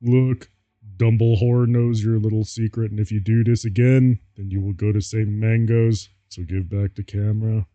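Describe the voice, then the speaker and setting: A man's voice: lowish voice, level tone, moderate pace, mellow, no room sound, lo-fi sound, lightly acted. A man doing an impression voice for a brooding, protective goth vampire boy, drawling and emphatic. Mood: demanding.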